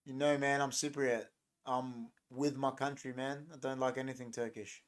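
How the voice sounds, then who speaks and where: With a flat, medium-pitched delivery at a moderate pace, this young man runs a casual livestream chat. He rambles and jokes while reacting to what viewers type in chat.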